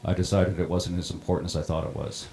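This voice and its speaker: A middle-aged man who runs a town water system recounts a personal story in a plain-spoken, halting way. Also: low-pitched, fairly even intonation, vocal fry, darkish tone, a little hiss or hum. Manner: plain-spoken, halting, many ums and restarts. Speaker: water district operator on a panel.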